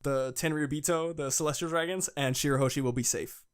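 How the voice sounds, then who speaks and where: A young man co-hosting a casual fan podcast, excitable, laughing often and swearing as he recaps. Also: a little high, a little fast, smooth. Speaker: podcast co-host.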